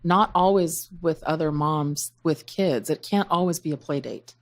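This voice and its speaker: Deep-voiced earnest woman host. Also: a little slow. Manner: earnest storyteller, voices other people. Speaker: podcast co-host. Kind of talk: casual chat.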